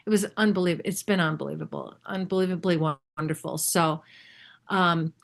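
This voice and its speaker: A woman's voice: lowish voice, fairly even intonation, fairly quick, gravelly. Older lady chatting away, rambling, keeps restarting, laughs a lot. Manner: rambling, self-interrupting, laughs often. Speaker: spiritual group member sharing. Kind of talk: casual sharing.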